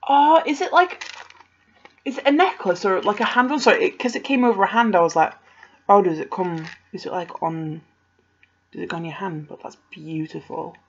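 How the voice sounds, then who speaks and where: A young woman, chatting casually as she unboxes a parcel, gasping and gushing with excitement. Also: medium pitch, normal speed, slightly rough. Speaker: vlogger opening a parcel. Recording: slightly dull home video audio.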